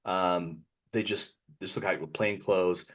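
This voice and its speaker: A man's voice: low voice, steady tone, unhurried, fairly bright tone. A man co-hosting a podcast, telling a long personal story in a casual, rambling way and often correcting himself mid-sentence. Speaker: podcast co-host.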